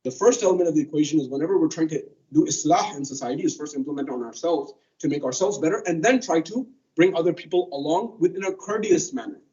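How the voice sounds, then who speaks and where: Man, sermon lecture, conversational storytelling, fairly high voice, dull lo-fi sound. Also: quick pace, hardly any pauses, mellow, far from the mic. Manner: conversational, storytelling with acted quotes. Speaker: speaker at a religious center.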